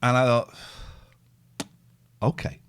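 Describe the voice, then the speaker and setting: A middle-aged man hosting a live stream, telling a story in casual chat and acting out the phone calls. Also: takes it slowly. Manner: animated storyteller, acts out phone calls, thanks subscribers. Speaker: host.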